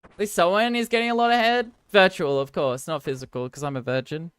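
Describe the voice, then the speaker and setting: Smooth-voiced rambling Australian woman streamer. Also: on the low side, steady tone, brisk, no echo. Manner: rambling, self-mocking, answers viewers' chat between game moments. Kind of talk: casual live-stream chat.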